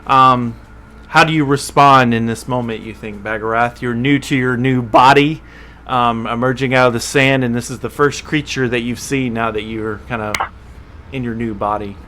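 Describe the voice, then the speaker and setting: A man's voice: medium pitch, steady tone, moderate pace, bright, forceful tone, a little hiss or hum. A man running a tabletop game as game master, narrating descriptively with frequent fillers and self-corrections.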